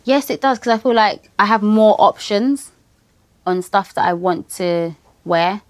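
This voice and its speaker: A woman's voice: medium pitch, a little slow, no echo. A British woman answering questions in a documentary, talking casually and hesitantly with many fillers. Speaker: interviewee. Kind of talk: candid documentary interview.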